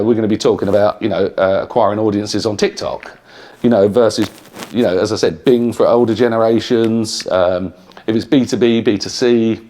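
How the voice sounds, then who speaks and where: A man's voice: fairly low pitch, a little mellow. A middle-aged British man, an entrepreneur talking to university students in a plain, conversational way with frequent "yeah?" check-ins. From United Kingdom. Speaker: entrepreneur giving a talk. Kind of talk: lecture to students. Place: university lecture room.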